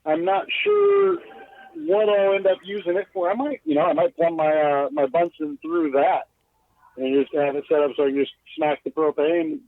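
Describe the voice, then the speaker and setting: A man speaks casually from inside his bus, loose and self-deprecating, swearing freely and stumbling through filler words. His voice sits on the higher side. The sound is thin and phone-like, dry with no room around it. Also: lively intonation, moderate pace, gravelly, dry recording. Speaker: guest glassblower. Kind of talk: casual podcast interview. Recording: tinny phone line.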